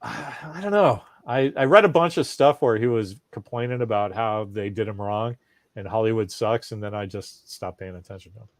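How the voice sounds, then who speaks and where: This podcast co-host, a middle-aged man, has a lowish voice and a moderate pace, recorded with no room sound. On a casual chat show, he spins stories with swearing and acted-out quotes, animated throughout.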